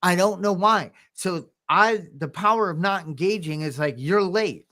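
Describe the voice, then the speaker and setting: A man co-hosting a podcast, telling rambling personal stories, often chuckling and clearing his throat. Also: high-pitched, normal speed, bright, forceful tone. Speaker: podcast co-host. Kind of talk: casual podcast conversation.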